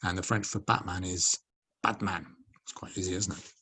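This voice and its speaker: A man's voice: low voice, flat delivery, a little fast, pushed and bright, a little hiss or hum. A man in his forties teaching a French lesson to children, patiently drilling pronunciation and encouraging them to repeat. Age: 40s.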